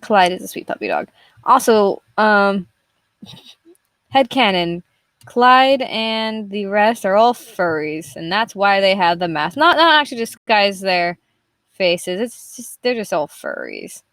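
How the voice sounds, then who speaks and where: A woman's voice: mid-range voice, sing-song, slow pace, a bit bright, no echo. Young woman artist talking through a live drawing stream, loose and rambling, swears freely, mid-range voice, dry close-mic sound. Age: young adult. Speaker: artist streaming her work. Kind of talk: casual live-stream chat.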